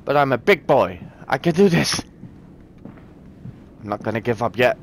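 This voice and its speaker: A man's voice: medium pitch, expressive, normal speed, slight background noise. A young man commentating while playing a horror game, nervous and talking to himself, with sudden yelps and swearing. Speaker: gaming streamer.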